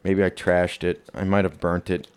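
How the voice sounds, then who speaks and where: A man with a New York accent, co-hosting a podcast and telling profane, animated bar stories in casual chat. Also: sits low, normal speed, clear, resonant tone. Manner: profane, animated storyteller, acts out rowdy drunks. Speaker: podcast co-host.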